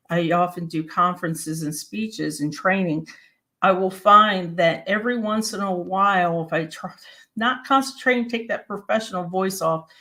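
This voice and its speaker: A woman from Maryland and West Virginia giving an explanatory presentation in a steady, plain-spoken teaching manner. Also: fairly low pitch. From Maryland and West Virginia, USA.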